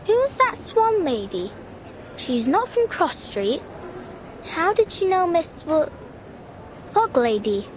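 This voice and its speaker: Curious spunky girl, high voice, very lively pitch, chatty. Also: takes it slowly, long pauses, slight background noise, full character voice. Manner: chatty, wondering, informal. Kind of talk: game voice acting.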